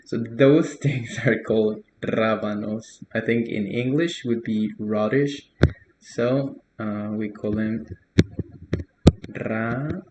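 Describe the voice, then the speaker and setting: Slow, hesitant young man tutoring. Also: lowish voice, reverberant, very noisy. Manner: relaxed, hesitant, many fillers, soft laughs. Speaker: language tutor. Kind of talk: casual correction of a learner's post.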